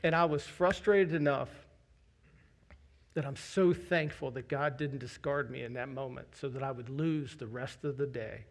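A man's voice: medium pitch, normal speed. A man preaching a sermon as the pastor of a church, telling a candid personal story with self-deprecating humor.

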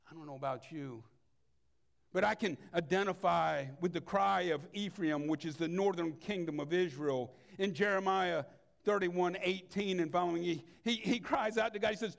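High gravelly-voiced male pastor preaching. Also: expressive, unhurried. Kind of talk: sermon.

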